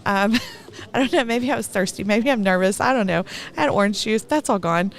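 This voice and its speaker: A woman's voice: medium pitch, brisk. A middle-aged woman with a Texan accent giving rambling, talkative live commentary at an event, laughing between thoughts.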